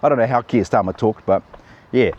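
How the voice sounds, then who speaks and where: A man's voice: medium pitch, fairly quick, darkish tone, muffled recording, slight background noise. Blunt, rambling New man. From New Zealand. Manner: rambling, blunt and cheeky with many fillers. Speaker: political commentary host. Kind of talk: casual opinion commentary.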